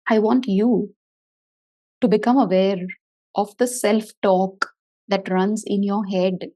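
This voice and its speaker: A middle-aged woman therapist giving a motivational talk to parents, expressive and animated, acting out her inner voice with big swings. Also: medium pitch, takes it slowly. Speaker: therapist for autistic children.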